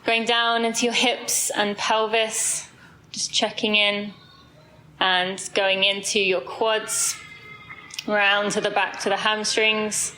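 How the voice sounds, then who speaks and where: A woman host leading a group through a slow, calm body scan before a run, with soft fillers. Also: medium pitch, slight background noise, poor audio. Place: indoor space with a group, then outdoors on a street.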